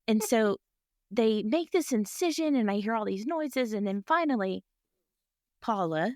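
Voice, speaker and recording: A woman telling a personal story with animated energy, acting out other people's voices and laughing often. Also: on the low side, no echo, studio quality. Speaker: guest.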